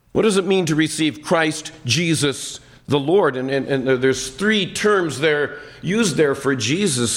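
A man preaching a sermon, earnest and repetitive, sometimes voicing a listener's objections in the first person. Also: on the high side. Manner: slow, deliberate delivery with repeated phrases.

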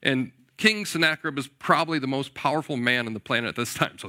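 Animated man preaching a sermon. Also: mid-range voice, fast talker. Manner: animated, asks the audience questions, often says "right?". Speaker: pastor.

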